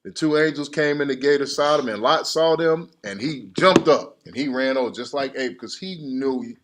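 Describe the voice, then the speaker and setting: Bible class teacher guy, animated, acts out the story, mid pitch, keeps telling the reader go on. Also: normal speed, background noise. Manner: animated, acts out scripture characters; directs the reader with "keep going".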